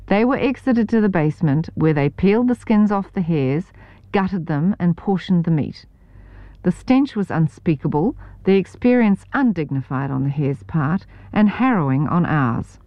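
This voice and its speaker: A woman's voice: on the low side, lively intonation, normal speed, dry recording, lo-fi sound. Wry New woman reading a memoir. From New Zealand. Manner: dry, wry storytelling. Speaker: memoir reader. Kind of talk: scripted narration.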